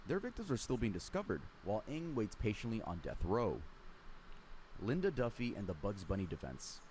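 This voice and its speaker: A man giving scripted true crime narration, lively storytelling with dry sarcastic asides. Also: lowish voice, normal speed, slight background noise.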